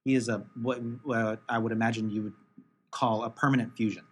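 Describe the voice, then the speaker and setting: A man co-hosting a podcast in casual chat, talking haltingly with many fillers and restarts. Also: on the low side, steady tone, slight background noise. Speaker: podcast co-host.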